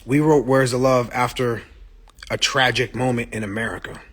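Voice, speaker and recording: His medium-pitched voice is steady, fairly bright and breathy-edged at normal speed. A musician on a phone livestream, he talks to fans casually, bluntly and profanely, speaking with passion and replying to comments as they come in.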